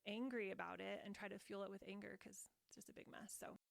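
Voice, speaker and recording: A woman's voice: mid-range voice, fairly even intonation, quick pace, creaky, no echo. A woman talking expressively and emphatically on a parenting podcast, laughing easily.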